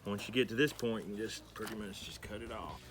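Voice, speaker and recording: A man's voice: lowish voice, fairly even intonation, a little fast, over music. A middle-aged man hosting a homestead show, giving an easygoing, folksy step-by-step demonstration. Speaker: homestead channel host. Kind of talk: how-to demonstration.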